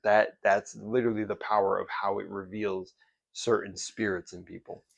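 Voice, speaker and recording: A man's voice: fairly low pitch, little pitch movement, normal speed, gravelly, no room sound. A man vlogger giving casual motivational talk, loose and profane, rambling with restarts as if chatting with a friend. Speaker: self-development vlogger.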